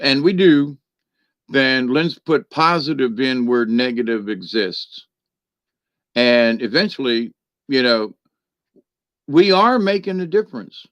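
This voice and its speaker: A man's voice: a little high, a bit bright, dry recording. A man giving a casual spiritual talk and telling a story, rambling with many fillers and restarts. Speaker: spiritual teacher.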